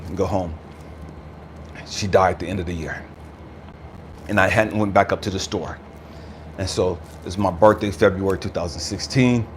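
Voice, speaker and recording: A man's voice: deep voice, slight background noise. A man hosting his channel, telling an emotional personal story in an informal, slangy way and addressing listeners as family. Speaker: channel host, spiritual speaker.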